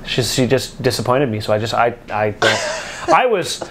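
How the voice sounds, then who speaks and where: A man chats casually as co-host, his pitch moving up and down a lot as he jokes and laughs. Faint background noise sits under his voice. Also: normal speed. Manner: joking, laughs often, lively pitch. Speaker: co-host of a store's talk show. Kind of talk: casual chat.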